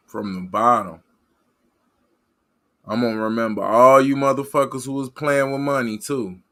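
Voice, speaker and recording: A man's voice: medium pitch, fairly even intonation, moderate pace, bright, forceful tone. Fired-up man ranting on a livestream. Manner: rambling, repetitive, fired up. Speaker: livestream host reading chat. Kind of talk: casual livestream rant.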